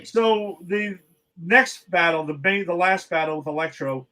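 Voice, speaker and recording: A man's voice: high-pitched, measured pace, sharp tone, rough recording. A man co-hosting a podcast, recapping a movie's plot with mocking asides. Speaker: podcast co-host. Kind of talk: casual movie recap chat.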